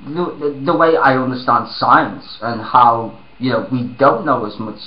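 A man's voice: mid-range voice, normal speed, a loud crowd. Hesitant stammering man in an echoey room. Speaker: caller in a live chat. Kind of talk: casual debate. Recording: echoey lo-fi webcam audio.

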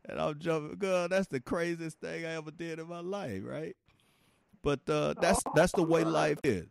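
A man preaching an informal sermon in a folksy, animated way, laughing often and talking straight to his listeners. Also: fairly high pitch, moderate pace, creaky, no echo.

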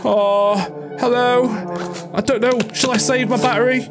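A woman giving let's play commentary on a horror game, jumpy and swearing, with frightened yelps and shouts. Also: on the high side, steady tone, unhurried, music in the background. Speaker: gaming video creator.

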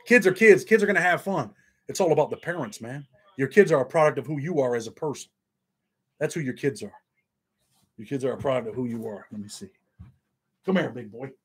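A man's voice: mid-range voice, animated, brisk, long pauses, slightly rough. A man hosting his own online show, talking bluntly and earnestly to his viewers and saying "man" at the end of nearly every line. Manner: blunt, heartfelt, says "man" constantly. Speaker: YouTube show host. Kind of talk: casual straight-talking monologue to camera.

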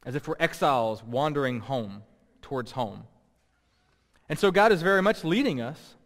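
A man's voice: mid-range voice, lively intonation, moderate pace, fairly bright tone. A man preaching a sermon as pastor, emphatic and repeating key words for stress. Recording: long reverb.

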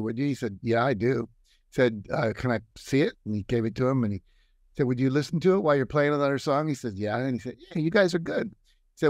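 Older male guest, animated storyteller, medium pitch, dry close sound. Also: no echo. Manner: animated storyteller, acts out quoted voices. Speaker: guest, success coach and author. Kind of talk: storytelling in a conversation.

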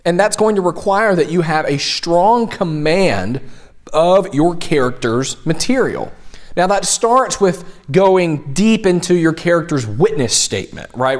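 A man from Tennessee coaching mock trial students in a conversational teaching style, often checking in with "right?". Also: a little high. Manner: conversational, keeps asking "right?". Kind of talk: instructional video talk.

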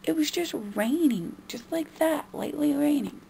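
Young woman vlogger ranting about family stuff, kinda gravelly, faint hiss behind. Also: lively intonation, a little slow, warm tone. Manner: frustrated, mimicking others in a high nagging voice. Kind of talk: venting monologue.

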